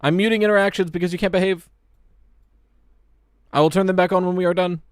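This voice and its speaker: A man chatting casually on a live stream, reacting to a game trailer in an animated, excitable way and swearing casually as he talks to his chat. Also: sits high, a little fast, smooth, no echo, studio quality.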